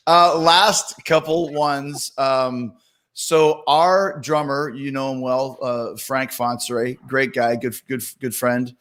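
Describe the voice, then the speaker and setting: A man co-hosting a podcast in casual chat, halting and hunting for words. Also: mid-range voice, steady tone, a bit bright. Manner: halting, hunts for words with fillers. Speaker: podcast co-host.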